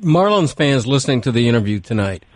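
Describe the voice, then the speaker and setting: A man's voice: medium pitch, very animated, brisk, no echo. A man co-hosting a radio show, asking a guest pointed questions. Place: radio studio.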